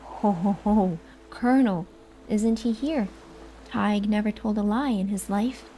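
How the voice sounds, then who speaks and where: A woman's voice: medium pitch, unhurried, warm tone, a little hiss or hum, natural voice. A woman voicing an invisible, mocking male fairy spirit that laughs and taunts, as a whispered role-play. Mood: wheedling.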